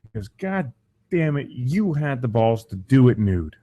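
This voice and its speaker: Profane, animated man with a strained voice. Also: medium pitch, a little slow, dry recording. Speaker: podcast host. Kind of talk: crude comedic podcast rant.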